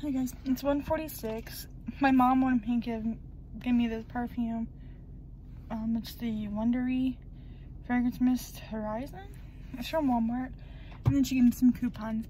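A woman's voice: sits high, normal speed, poor audio. A woman chatting casually through a daily vlog, rambling with lots of ums, talking while she drives her car. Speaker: vlogger. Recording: loud car engine noise. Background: car and road noise.

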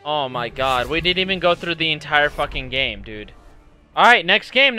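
A young man raging and swearing through live gameplay commentary, yelling at opponents. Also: a little high, very animated, normal speed, clean tone, no echo, soft background music. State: angry and agitated. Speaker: gaming streamer.

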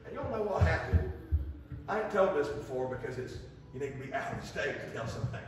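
Impassioned preacher in an echoey church. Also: male voice, on the high side, animated, a little fast, background noise. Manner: impassioned storytelling, swings from loud to hushed. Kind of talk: sermon with altar call. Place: church sanctuary. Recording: echoey church hall, distant mic.

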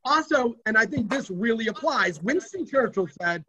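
An energetic, emphatic presenter leading a motivational workshop for students over an online video session. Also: mid-range voice, moderate pace, rough recording.

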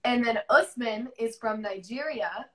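A woman's voice: fairly high pitch, unhurried, pushed and bright. A young woman co-hosting a casual live-stream chat, emphatic and enthusiastic, with a sore, worn throat. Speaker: co-host.

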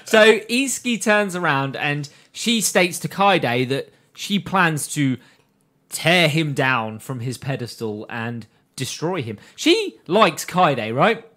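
A man's voice: fairly high pitch, very animated, slow pace, a bit bright. Chatty male podcaster recapping a story. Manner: laughs often, recaps scenes with quoted lines. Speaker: podcast co-host recapping an anime. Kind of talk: casual podcast chat.

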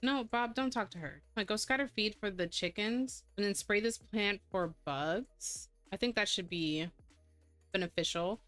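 A woman's voice: mid-range voice, unhurried, a bit bright, no room sound, faint music behind. A woman giving casual let's-play commentary, chatty and laughing often as she bosses her game characters around. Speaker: gameplay streamer.

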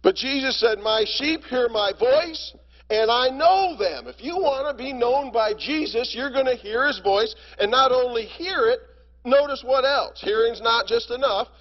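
Deacon, male, high voice, slow and emphatic teaching, dull lo-fi recording. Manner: earnest, emphatic, with rhetorical questions. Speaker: deacon teaching a Bible class. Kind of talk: Bible study lesson. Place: church hall. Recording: reverberant lo-fi church hall recording.

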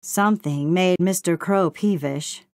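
A woman narrating a children's storybook in a steady, gentle read-aloud manner. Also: on the low side, unhurried, dry recording, studio quality. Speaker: audiobook narrator.

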